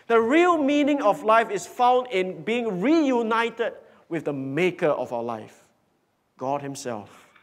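A man preaching a sermon in a church hall, emphatic, swinging from loud declarations to hushed whispers. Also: sits high, sing-song, takes it slowly. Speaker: pastor.

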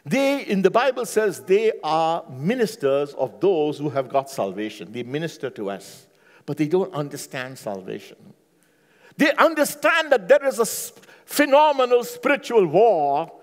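A man preaching a sermon with passion, swinging from hushed, low pleading to loud, high exclamations. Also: big pitch swings, normal speed. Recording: long hall reverb.

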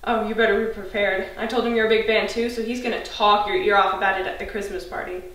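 A woman's voice: mid-range voice, steady tone, quick pace, a bit bright, natural voice. An actress playing a frank young woman who speaks bluntly and swears when riled. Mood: friendly. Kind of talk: indie film drama acting. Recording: far-off mic in an echoey room, faint noise.

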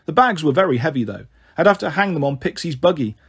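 A man reading a children's novel aloud as a storyteller, in an expressive, sing-song way. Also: on the high side, fast, slightly rough.

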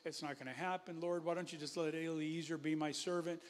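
A man's voice: fairly high pitch, fairly even intonation, brisk, close to an everyday voice. Man voicing a fretful old man, doubtful. Long reverb.

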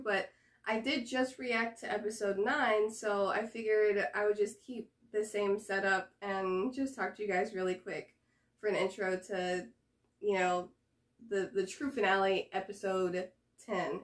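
A woman with a mid-range voice hosts a reaction video, chatting casually to the camera. She thinks aloud, with fillers and hesitations.

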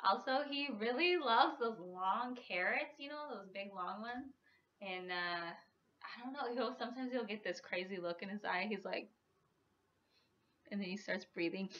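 A woman's voice: medium pitch, fairly bright tone, muffled recording, a little hiss or hum. A woman vlogger chatting casually to the camera, with lots of fillers and small laughs. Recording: echoey room, mic at a distance.

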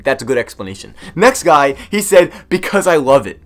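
A man hosting a gaming video, narrating in a casual, energetic way and talking straight to his viewers. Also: a little high, a little fast, soft background music. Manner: energetic, chatty, addresses viewers directly. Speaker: gaming YouTuber.

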